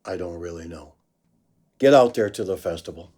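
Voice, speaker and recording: A man's voice: sits low, moderate pace. A man telling a story casually, acting out the voices of the people in it. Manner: animated storyteller, acts out quoted voices. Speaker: blues musician telling a story.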